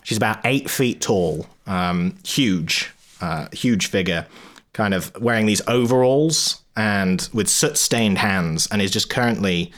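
A man narrating a tabletop game as game master, halting and full of ums as he describes the scene. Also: on the low side, lively intonation, a bit bright.

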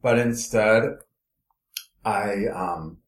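A man from Los Angeles, a guest in an interview, telling his career story in an animated, meandering way. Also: fairly low pitch, drawn-out words, roomy sound. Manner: animated storytelling, trailing off and restarting. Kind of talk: casual conversational interview.

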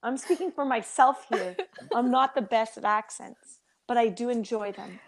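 A woman co-hosting a podcast chats casually in a fairly high voice at normal speed. She tells animated stories and laughs often.

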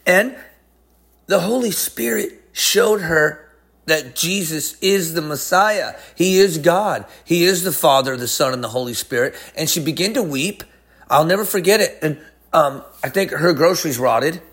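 A man preaching a sermon, emphatic, swinging between high excited lines and low hushed ones. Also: measured pace.

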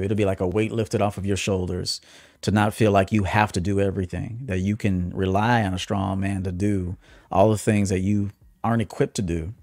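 A man hosting a livestream as a dating coach, talking bluntly, swinging from low muttered asides to loud emphatic bursts. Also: no room sound, clean studio sound. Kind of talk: casual livestream monologue.

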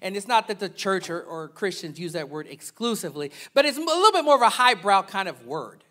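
Pastor guy preaching, high bright voice, goes loud then soft and jokey. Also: fairly quick. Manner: animated, swinging from loud preaching to soft asides. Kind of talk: sermon.

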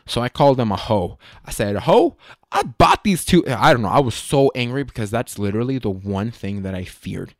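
A young man hosting a podcast, telling a comedic story in a casual way. He swears often, talks in an animated way and mocks himself. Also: lowish voice, brisk, few pauses, dry recording, clean studio sound. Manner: profane, animated, self-mocking. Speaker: podcast host.

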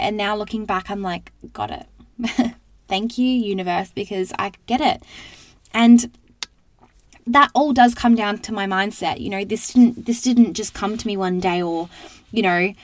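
A woman's voice: medium pitch, dry recording. Earnest young woman podcasting from a wardrobe. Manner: earnest, effusive, many restarts and fillers. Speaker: podcast host. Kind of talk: casual solo podcast monologue. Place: small clothes wardrobe at home. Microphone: podcast microphone.

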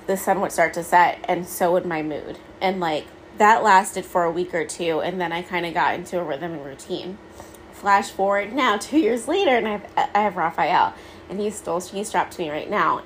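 Chatty mom podcaster, candid and rambling. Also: female voice, medium pitch, a little hiss or hum, rough recording. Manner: chatty, candid, many "like" fillers. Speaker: podcast host. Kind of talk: casual solo podcast chat.

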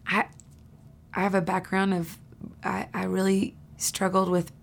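A woman guest sharing heartfelt stories in casual conversation, earnest, sometimes dropping to a soft whisper for emphasis. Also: medium pitch, monotone, unhurried, creaky. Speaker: podcast guest.

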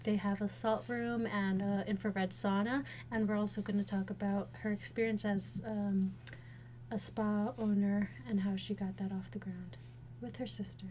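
A woman's voice: medium pitch, level tone, normal speed, dark tone, a little hiss or hum. A woman co-hosting a podcast, chatting casually and laughing often. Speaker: podcast co-host. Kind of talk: casual chat.

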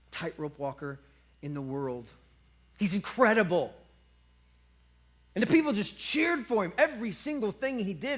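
High-voiced, animated male preacher. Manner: animated storytelling, acting out crowd voices. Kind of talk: sermon.

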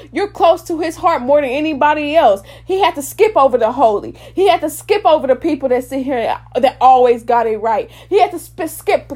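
High-voiced woman preaching with passion. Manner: impassioned, repetitive, swings between loud and soft. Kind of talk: informal sermon.

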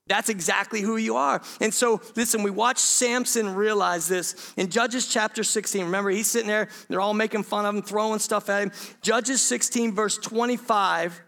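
A man's voice: high-pitched, steady tone, moderate pace, creaky, fairly bright tone. A pastor preaching an emphatic sermon to his congregation in a church sanctuary.

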